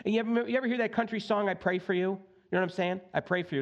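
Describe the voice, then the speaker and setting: Male pastor with a fairly high voice, preaching casually and acting out the quotes. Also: rapid-fire, hardly any pauses, muffled recording. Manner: conversational, folksy preaching with acted-out quotes. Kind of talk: sermon. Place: church sanctuary.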